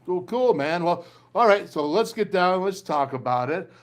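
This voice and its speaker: A man's voice: sits high, animated, moderate pace. An older man hosting a sports talk show, fiery and rambling as he gives a pep talk.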